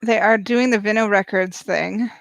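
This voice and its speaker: A woman vlogger giving live reaction commentary, excitable and gushing, talking straight to her viewers. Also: mid-range voice, moderate pace, vocal fry, dry recording, low-quality recording.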